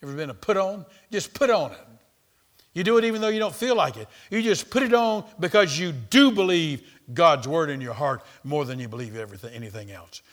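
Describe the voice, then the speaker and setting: A man's voice: on the high side, lively intonation, brisk. A man preaching a sermon, emphatic and repetitive, calling out to the congregation.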